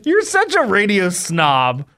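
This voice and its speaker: Nasal, animated male radio co-host. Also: high-pitched, slow, smooth. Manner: animated, laughing storyteller. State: stuffy nose. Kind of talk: casual podcast banter.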